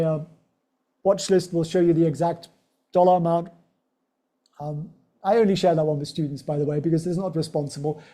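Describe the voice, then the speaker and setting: Chatty man teaching trading live, mellow voice. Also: a little high. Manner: chatty and joking, speaking straight to viewers. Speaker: stock trading educator hosting a livestream. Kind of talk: casual livestream teaching.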